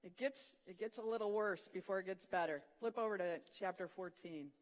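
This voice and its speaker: Speaking fairly quickly, an earnest mid-pitched preacher retells scripture in a sermon full of vivid storytelling, dropping suddenly into hushed moments to drive points home. A large hall lends the voice a long, ringing reverb.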